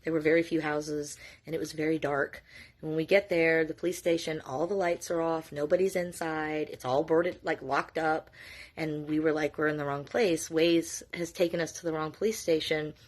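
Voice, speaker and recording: Middle-aged woman with a lower voice, earnest and emotional, candid and profane, storytime vlog delivery, fighting back tears. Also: level tone, normal speed. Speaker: mother telling her family's story.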